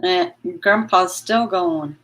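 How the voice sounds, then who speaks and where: A woman chatting on her livestream at an unhurried, easy pace, her voice sitting at an ordinary pitch. She has some trouble with her W sounds, and she drifts into sweet, coaxing baby talk when she speaks to her dog. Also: a bit bright, rough recording. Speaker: vlogger reading live chat. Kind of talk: casual livestream chat.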